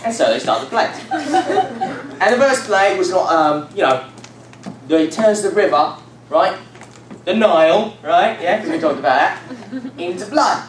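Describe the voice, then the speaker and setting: Telling a Bible story to a youth group, a young man with a higher voice rambles, laughs, and fills his talk with filler words, all at a measured pace. He's picked up from far away in an echoey church room, with constant noise running beneath.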